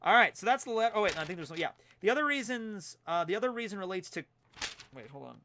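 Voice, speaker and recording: A man's voice: high voice, expressive, fast, pushed and bright, slight background noise. A young man chatting loosely from home on a livestream, rambling with lots of fillers as he goes through fan mail. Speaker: streamer reading fan mail. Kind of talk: casual livestream chat.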